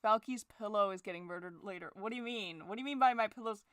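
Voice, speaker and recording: A young woman chatting casually while she draws, sarcastic, swearing freely, and jumping into shrill forced cheer. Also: fast talker, no echo, clean studio sound. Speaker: drawing vlogger. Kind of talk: casual chat while drawing.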